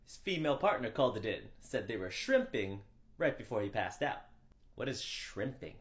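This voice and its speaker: A man's voice: medium pitch, very animated, normal speed. A man acting out a comedy skit of hospital scenes, flipping between an exasperated staffer and clueless characters. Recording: echoey room.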